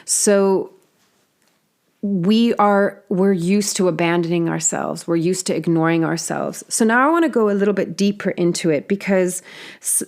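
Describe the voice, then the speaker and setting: A woman's voice: fairly low pitch, normal speed, darkish tone. A woman giving a reflective monologue on healing, talking earnestly and casually, with frequent fillers and the odd swear word. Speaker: spiritual healing host.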